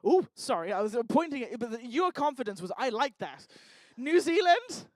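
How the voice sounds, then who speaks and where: A woman's voice: fairly high pitch, sing-song, fairly quick, no room sound. Woman emceeing on stage, jokey crowd work, lots of swing in her voice. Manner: teasing, joking, chatty. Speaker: event host. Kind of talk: stand-up style crowd work. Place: lecture hall stage.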